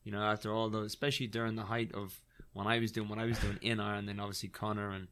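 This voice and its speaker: Man, 30s, bright tense voice, rambling animated storyteller. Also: fairly low pitch, quick pace. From Ireland. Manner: animated, rambling, frequent "like" and "right?". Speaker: guest, former fighter. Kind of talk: casual storytelling.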